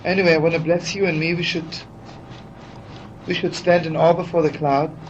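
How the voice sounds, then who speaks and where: A man preaching in a heartfelt, chatty storytelling voice, turning often to his listeners with "you know." His voice sits a little high for a man. The recording is dull and archival, with a faint hiss underneath. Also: fairly even intonation, a little fast. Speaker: rabbi teaching. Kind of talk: storytelling sermon.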